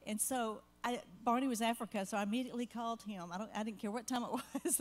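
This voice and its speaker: A woman's voice: a little high, fairly even intonation, quick pace, few pauses. Earnest older woman giving parenting advice. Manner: earnest, heartfelt, rambling with asides. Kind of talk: church Q&A conversation.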